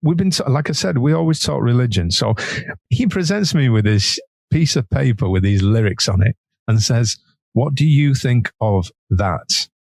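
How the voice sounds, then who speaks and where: A man's voice: medium pitch, moderate pace, vocal fry, no echo. A man, a guest guitarist, telling stories in a casual interview, laughing often and acting out the voices of others. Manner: animated storyteller, laughs often, acts out quoted voices.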